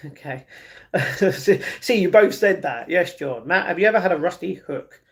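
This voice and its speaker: A man's voice: high-pitched, lively intonation. A man hosting a casual livestream, reading viewer comments aloud and answering them in an easygoing way, often stumbling and restarting his sentences. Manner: chatty and easygoing, with halting restarts. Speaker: livestream host.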